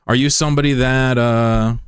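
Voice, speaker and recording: A man's voice: medium pitch, fairly even intonation, moderate pace, clear, resonant tone, dry recording, studio quality. A man from the United States, a livestreamer in casual chat, taunting and combative with a viewer and swearing freely.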